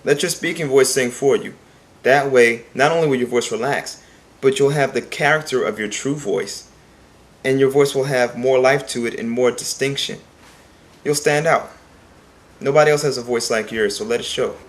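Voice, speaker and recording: A man's voice: medium pitch, normal speed. A man teaching a singing lesson, speaking plainly and earnestly and repeating points for emphasis. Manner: talks plainly and sings short demonstration phrases. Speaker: vocal coach.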